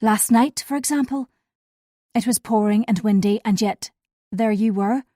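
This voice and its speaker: A woman's voice: medium pitch, a little slow, mellow, no room sound, studio quality, natural voice. A woman reading an uneasy, guarded man. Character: male friend, awkward and guarded.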